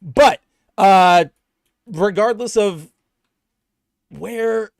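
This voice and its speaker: Animated, rambling young man on a podcast. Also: sits high, extremely slow, gravelly, no echo, studio quality. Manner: rambling, animated, acts out characters' lines. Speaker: podcast co-host. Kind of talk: casual comic book discussion.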